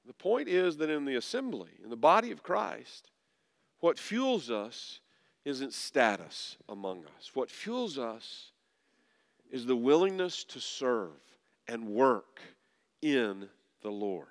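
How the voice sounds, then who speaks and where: A pastor preaching a sermon, dropping low and soft at times, then rising loud to press a point. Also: male voice, very animated, slow pace, vocal fry. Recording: long reverb of a large hall.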